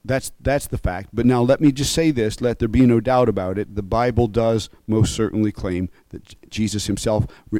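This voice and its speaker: A man preaching in a warm, mellow voice, laying out his argument point by point and pressing each one home. He keeps checking in with his listeners as he goes. The recording is close and dry, with no room sound. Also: medium pitch, no room sound. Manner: emphatic, reasoning step by step, often checks in with "okay?". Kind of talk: sermon-style teaching.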